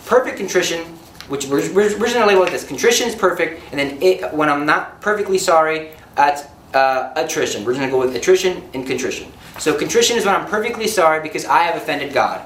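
A male preacher giving a sermon in an animated, joking manner, acting out little scenes as he teaches. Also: on the high side, fast talker, roomy sound, slight background noise, poor audio.

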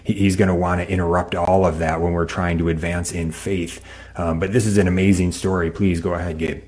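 A man hosting a talk show, introducing his guest and explaining in a measured way. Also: low-pitched, level tone, a little mellow. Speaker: host.

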